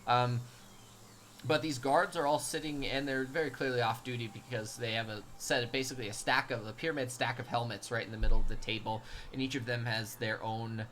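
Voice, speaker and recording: A man's voice: medium pitch, steady tone, a little fast, fairly bright tone, a little hiss or hum. A man narrating a tabletop game as game master, rambling and hesitant with many ums.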